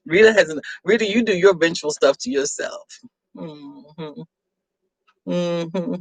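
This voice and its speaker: A woman's voice: fairly low pitch, takes it slowly, breathy edge, no room sound. Chatty woman hosting a live stream. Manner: chatty, teasing, frequent laughs. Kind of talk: casual live-stream chat reading viewer comments.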